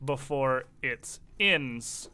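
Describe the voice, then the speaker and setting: A man narrating as game master in a tabletop game, animated and often laughing. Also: mid-range voice, extremely slow, clear, resonant tone.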